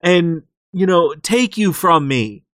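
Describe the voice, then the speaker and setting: A man's voice: a little high, animated, slow, fairly bright tone, dry recording, studio quality. A man putting on an overwrought village father. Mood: emotional. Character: gruff but loving village father.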